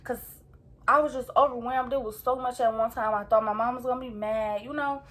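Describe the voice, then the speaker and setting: A young woman vlogger in her late teens tells a story casually and ramblingly, packed with slang and repeated fillers like "like" and "you feel me." Her voice is on the high side, bright, and steady, and she talks a little fast.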